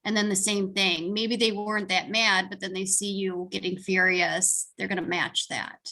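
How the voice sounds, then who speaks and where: A woman's voice: mid-range voice, little pitch movement, normal speed, sharp tone. A woman in a workshop casually explaining her view to the group. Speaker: workshop participant. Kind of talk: classroom discussion.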